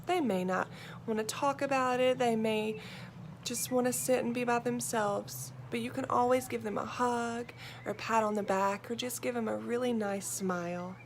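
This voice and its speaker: A woman reading a children's story aloud and talking gently to young listeners. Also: on the high side, normal speed, slight background noise.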